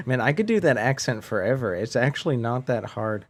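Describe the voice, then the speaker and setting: A man's voice: medium pitch, expressive, brisk, hardly any pauses. A man streaming a game live, playful and narrating his own actions as he plays. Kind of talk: live game playthrough chat.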